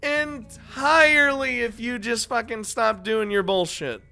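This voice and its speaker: A man reading a visual novel aloud with excitable, swearing commentary, often breaking off mid-sentence. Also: very high-pitched, unhurried, creaky, clean tone. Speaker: video game let's player.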